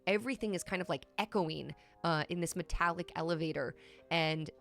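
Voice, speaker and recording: A woman narrating as game master of a tabletop role-playing game, with measured pacing and frequent ums. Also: on the low side, vocal fry, fairly bright tone.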